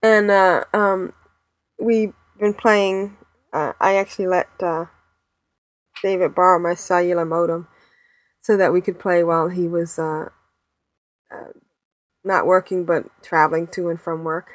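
A woman's voice: on the low side, flat delivery, a little slow, long pauses, dry recording. A woman co-hosting a podcast, chatting casually and rambling with fillers and laughs. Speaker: podcast co-host. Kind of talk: casual chat.

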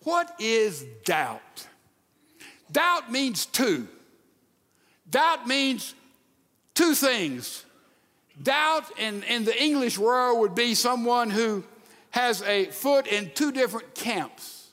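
A man preaching a sermon, acting out the quoted lines and sometimes dropping to a hushed voice. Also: very high-pitched, drawn-out words, pauses often. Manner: animated, acts out quotes, drops to hushed tones. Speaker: pastor. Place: church sanctuary. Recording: long reverb of a large hall.

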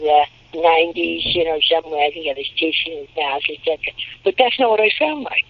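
A man in his seventies, a voice actor telling animated, jokey stories in an interview. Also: on the high side, fairly quick. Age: 70s. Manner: animated, jokey storyteller who slips into demo voices. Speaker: voice actor guest. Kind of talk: anecdotal interview talk. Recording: muffled lo-fi audio.

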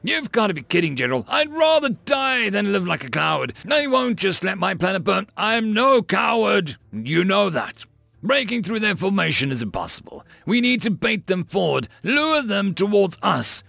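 A narrator puts on a gruff human fleet commander in an audiobook, a grown man with a raised, strained voice and a gravelly edge. He sounds stubborn, defiant and ready to fight to the last. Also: high-pitched, very animated, normal speed, pushed and bright, no room sound, soft background music, pitched above the performer's own voice, exaggerated voice. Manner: defiant, growling.

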